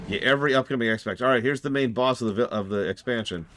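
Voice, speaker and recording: A man's voice: medium pitch, fast talker, fairly bright tone, a little hiss or hum. A man streaming a game, reading quest text aloud and adding sarcastic asides. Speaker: game streamer and lore reviewer. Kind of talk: live commentary while playing.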